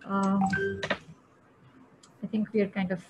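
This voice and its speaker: A woman moderating an online event, answering in a hesitant, halting way. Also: mid-range voice, little pitch movement, lo-fi sound, music in the background. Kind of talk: casual check-in on a video call.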